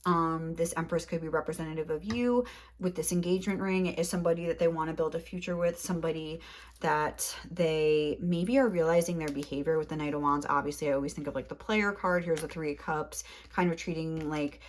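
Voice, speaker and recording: A woman's voice: deep voice, steady tone, fairly quick. A young woman giving a casual tarot reading, rambling and filling her talk with "like", a little out of breath. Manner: rambling, heavy use of "like". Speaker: tarot reader.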